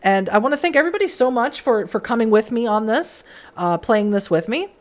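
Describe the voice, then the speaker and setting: A woman streamer talking casually to her stream audience in a chatty, enthusiastic way, her voice hoarse and giving out. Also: a little high, animated, a little fast. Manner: chatty, enthusiastic, many fillers. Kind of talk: casual livestream chat.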